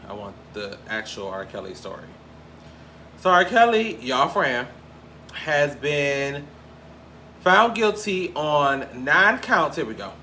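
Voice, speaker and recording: Young male gossip host from Cleveland; bright, slightly high voice, animated and profane, quiet hiss underneath. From Cleveland, Ohio. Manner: animated, profane, swings between loud and quiet. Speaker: podcast host. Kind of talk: casual celebrity gossip chat.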